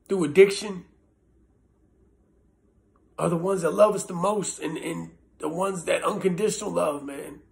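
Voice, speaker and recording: Gravelly man giving earnest testimony. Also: high-pitched, a little mellow. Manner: earnest, halting, blunt with swearing. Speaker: former prisoner sharing recovery story. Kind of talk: personal testimony.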